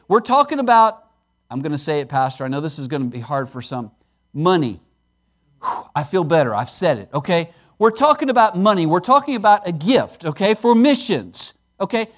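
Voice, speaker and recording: A male preacher with a notably high voice delivers a sermon in an animated, conversational way. His pitch swings widely as he stresses key words, then drops into playful asides to the congregation. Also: normal speed. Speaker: guest preacher at a missions conference. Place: church service.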